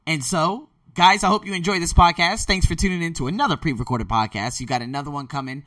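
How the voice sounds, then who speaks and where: A man's voice: a little high, fast, a bit bright, dry recording, far from the mic. A man hosting a podcast, rambling energetically through a blunt motivational monologue. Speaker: podcast host.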